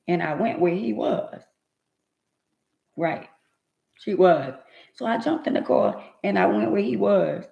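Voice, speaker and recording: A woman's voice: medium pitch, gravelly, mellow, echoey room, muffled recording. A woman telling her own life story to her viewers in an emphatic, rambling, casual way.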